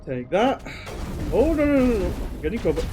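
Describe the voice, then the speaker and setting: A man's voice: high-pitched, very animated, moderate pace, noisy background. A young British man casually commenting while streaming a game, chatty and rambling as he answers chat. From Britain.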